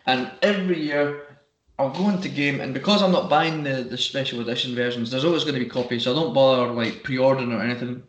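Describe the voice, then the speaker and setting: A man in relaxed podcast chat, spinning anecdotes and now and then acting out the people in them. His voice sits at an ordinary middle pitch. The room rings with a noticeable echo. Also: fast talker. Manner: storytelling with bursts of put-on voices. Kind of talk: casual chat. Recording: echoey room.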